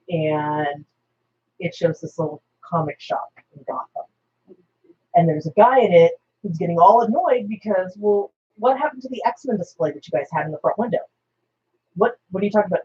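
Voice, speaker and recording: A woman co-hosting a casual roundtable chat, telling stories with lively acted-out lines. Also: medium pitch, moderate pace. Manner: animated storyteller acting out characters' lines. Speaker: podcast co-host. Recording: dull lo-fi recording.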